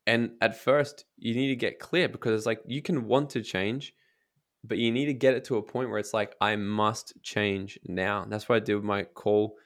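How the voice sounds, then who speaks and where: A man's voice: mid-range voice, moderate pace. Blunt, swearing motivational man. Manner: energetic, blunt, swears freely; acts out inner voices in quotes. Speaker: motivational speaker and coach. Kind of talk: casual podcast interview.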